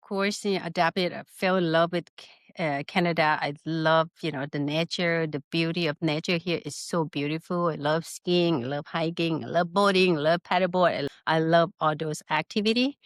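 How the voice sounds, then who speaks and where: A middle-aged woman from Northern Thailand with a Thai accent tells her story as a guest, a little low-pitched. Her English is broken but animated, full of quoted self-talk. The close mic sounds dry and intimate. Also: moderate pace, no echo. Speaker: guest, spa business founder. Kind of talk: casual storytelling interview.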